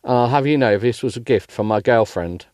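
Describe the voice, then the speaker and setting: A man reading as a dry, deadpan older rich guy. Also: mid-range voice, moderate pace, no echo, lightly acted. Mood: teasing.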